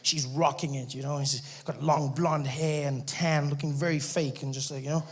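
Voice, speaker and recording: A man's voice: on the high side, fairly even intonation, normal speed. A man from South Africa with a South African accent, performing stand-up comedy and acting out the people in his story. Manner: storytelling with acted-out voices and asides.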